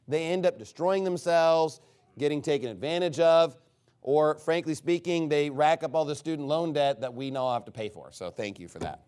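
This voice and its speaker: Animated, sarcastic preaching man. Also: on the high side, clear, resonant tone. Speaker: pastor. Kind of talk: sermon.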